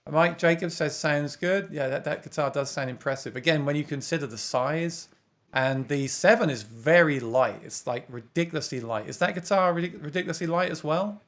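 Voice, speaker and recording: English guy chatting on a stream, reads out comments, laughs a lot, slightly higher voice. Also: fairly bright tone. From England. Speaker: host of a guitar livestream. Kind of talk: casual livestream chat.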